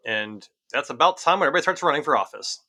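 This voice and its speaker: A man talks quickly in a casual podcast chat, with a bright, forward voice that sits a little high for a man. He is animated and repeats words to drive his point home. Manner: fast, animated, repeats phrases for emphasis. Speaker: podcast co-host.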